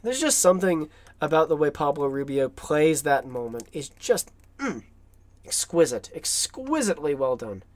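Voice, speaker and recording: An enthusiastic film commentator chats over movie clips, with a voice that swoops up and down in pitch. The delivery is loose and talkative, broken up by frequent laughter. The recording is close and dry, with no room sound. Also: sing-song, moderate pace, no room sound. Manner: enthusiastic, chatty, laughs often.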